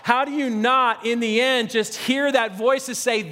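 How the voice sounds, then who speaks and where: A man's voice: very high voice, steady tone, a little slow, sharp tone, in a large hall. A middle-aged man, a pastor, preaching an earnest, conversational sermon full of repetition and restarts.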